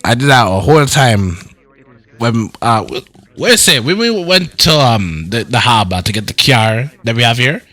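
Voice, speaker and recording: Jamaican-accented man, bright lively voice, playful in-character banter. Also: mid-range voice, normal speed, dry recording. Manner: playful, sings snatches of folk songs, hesitant. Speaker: role-play player. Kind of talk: in-character casual chat.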